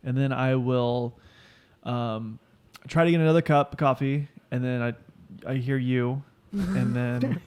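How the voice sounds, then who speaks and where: A young man guests on a casual podcast, speaking at an ordinary, mid-range pitch. He jokes around and tells stories loosely, with plenty of fillers along the way. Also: a little slow, darkish tone, smooth. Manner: joking, loose storytelling with many fillers.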